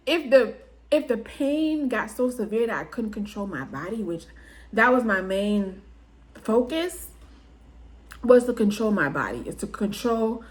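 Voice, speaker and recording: A woman vlogger telling a personal story to her viewers in a casual way, laughing often and acting out what people said. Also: a little high. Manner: animated, laughing often, acts out quotes.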